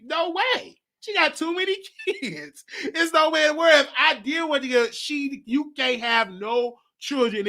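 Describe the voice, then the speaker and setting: A man hosting a show and telling a personal story in a rambling, animated way, with laughter and many restarts. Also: very high voice. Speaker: talk show host. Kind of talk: casual storytelling monologue.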